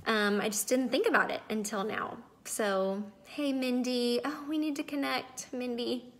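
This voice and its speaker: A woman's voice: a little high, a little slow. Chatty woman hosting a live video. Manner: chatty, greets viewers by name. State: emotional, close to tears. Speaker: wellness livestream host. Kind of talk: casual live video chat.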